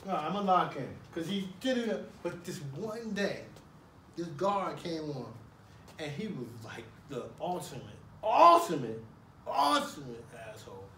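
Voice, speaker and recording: Guy telling a story in a big echoey hall, high voice, goes loud and acts stuff out, mic kinda far. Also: unhurried, slight background noise. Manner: animated, acts out guards and himself with loud shouted bursts. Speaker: storyteller recounting his prison years. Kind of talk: spoken personal storytelling to a live audience. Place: talk at a college hall. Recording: roomy hall, mic at a distance.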